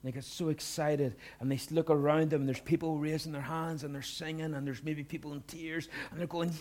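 A middle-aged male pastor giving a sermon, earnest, dropping to hushed lines and rising to loud emphatic bursts. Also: a little high, flat delivery, fairly quick, few pauses.

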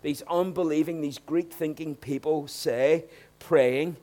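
A man preaching a sermon, swinging between hushed asides and loud, emphatic points. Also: on the high side, lively intonation, a little slow.

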